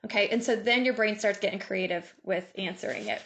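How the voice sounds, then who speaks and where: A woman giving a lively motivational talk over a video call, laughing often and acting out inner voices. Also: mid-range voice, fairly quick. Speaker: guest speaker.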